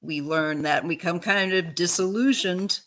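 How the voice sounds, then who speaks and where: A woman hosting a casual livestream chat, gentle and unhurried, reading viewer comments aloud. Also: fairly low pitch. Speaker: host.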